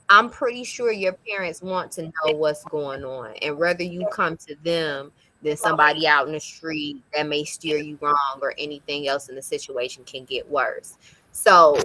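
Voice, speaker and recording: Bright-voiced young mother hosting a chat. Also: lowish voice, no echo, rough recording. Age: young adult. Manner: earnest, conversational. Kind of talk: casual discussion.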